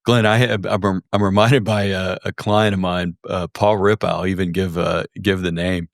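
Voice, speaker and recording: Deep-voiced male podcast host. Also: flat delivery, gravelly, no room sound, clean studio sound. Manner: measured, anecdotal, reflective. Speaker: podcast host and sales trainer. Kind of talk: casual podcast conversation.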